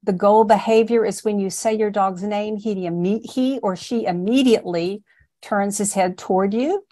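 A middle-aged woman dog trainer narrating a training lesson in a calm, step-by-step way. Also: medium pitch. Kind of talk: voice-over narration of training slides.

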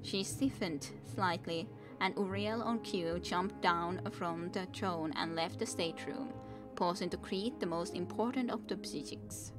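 Young female streamer, lowish voice, plain book narration with casual asides. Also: a little slow, over music. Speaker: streamer reading a book aloud. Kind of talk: storybook reading on a stream.

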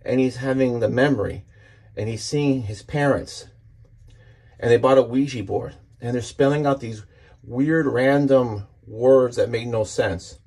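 Husky man eagerly walking through a comic. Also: medium pitch, unhurried, darkish tone. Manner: enthusiastic, rambling with restarts. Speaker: comic book reviewer. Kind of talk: casual comic book walkthrough.

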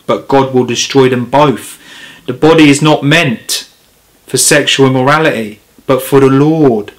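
A man delivers an informal sermon, moving between scripture reading and his own commentary. His voice sits at an ordinary middle pitch. He talks earnestly and turns forceful and emphatic as he presses his points. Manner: earnest, grows impassioned and emphatic. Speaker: preacher.

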